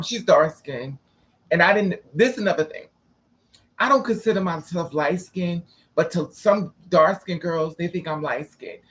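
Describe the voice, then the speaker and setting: At a measured pace and in a high voice, a man recounts something that happened to him. His telling is casual, profane and dramatic, as he voices each person in the story.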